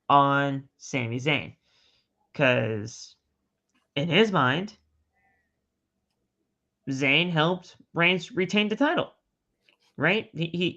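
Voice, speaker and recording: A man co-hosting a podcast, retelling a wrestling match in an animated play-by-play way. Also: a little high. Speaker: podcast co-host. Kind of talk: casual wrestling recap. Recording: dull lo-fi podcast audio.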